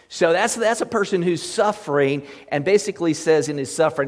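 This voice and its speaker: A man's voice: fairly high pitch, animated, a little fast, hardly any pauses, big-room sound. A male pastor preaching a sermon in a conversational way, often putting rhetorical questions to his listeners.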